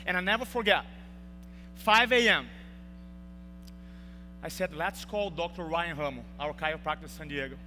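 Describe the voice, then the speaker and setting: Bright-voiced man telling a story on stage. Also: on the high side, moderate pace, long pauses, faint music behind. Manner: emotional storytelling with acted quotes. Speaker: speaker. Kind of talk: motivational speech. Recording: reverberant hall with faint hum.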